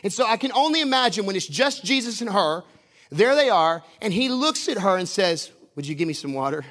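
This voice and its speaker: Guy preaching casual and jokey, kinda high voice, big echoey sanctuary. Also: big pitch swings, fairly quick, fairly bright tone. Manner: conversational, joking preaching with asides to the congregation. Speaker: pastor. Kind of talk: sermon. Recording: long hall reverb.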